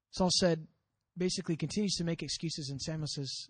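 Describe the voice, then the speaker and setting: A male pastor delivers a sermon, animatedly telling a story and voicing each character's lines, sinking his voice low to stress key moments. His delivery is slightly quick and husky, with no room sound in the recording.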